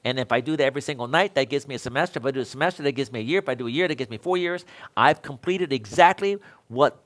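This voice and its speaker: An electrical code instructor telling a story during a panel discussion for fellow instructors acts out both sides of the exchange. He speaks at a racing pace in a medium-pitched voice that is a bit bright.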